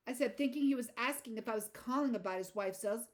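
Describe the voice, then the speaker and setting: A woman reading a first-person audiobook in a measured, plain way. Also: on the high side. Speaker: audiobook narrator.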